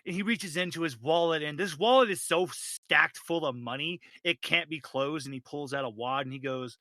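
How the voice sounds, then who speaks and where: Bright, animated male game master. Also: fairly high pitch, normal speed, hardly any pauses, dry recording. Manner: animated, laughs often. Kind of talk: narrating a tabletop horror game.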